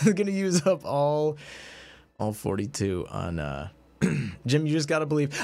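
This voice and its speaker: An excitable male game streamer talking through his card pulls, his pitch leaping up and dropping all over the place. He jokes at his own bad luck and sometimes drops to a low mutter. Faint music plays under his voice. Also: measured pace, gravelly, long pauses. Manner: excitable, self-mocking, swings between hype and deflated mumbling. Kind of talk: live-stream commentary on gacha pulls.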